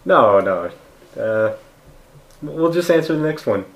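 A teasing, laughing man co-hosting a comedy podcast, with a lively, bouncing pitch. His voice carries a roomy echo, as if he is recorded in a bare room. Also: slow. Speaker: podcast co-host. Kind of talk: casual comedy podcast chat.

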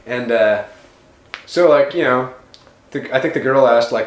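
A man's voice: medium pitch, unhurried. A man co-hosting a podcast, telling a story in a teasing, mocking way. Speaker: podcast co-host. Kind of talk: casual comedic banter. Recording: roomy with faint noise.

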